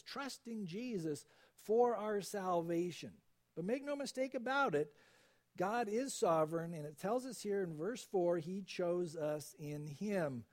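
A man preaching with a lively, swooping delivery that climbs high and drops low, his voice mellow and dark in tone. He quotes scripture and slows right down to stress key points. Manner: animated preaching, quoting scripture, slows for emphasis. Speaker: pastor. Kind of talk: sermon.

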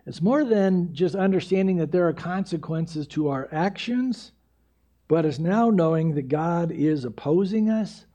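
Mellow-voiced man preaching with slow emphasis. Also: a little high. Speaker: pastor. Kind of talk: sermon.

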